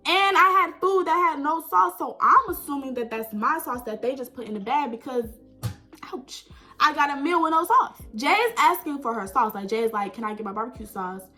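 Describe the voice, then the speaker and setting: A young woman telling a personal story in a chatty, animated way, full of "like" and "right?". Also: high-pitched, rough recording. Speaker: vlogger. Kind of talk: casual storytime.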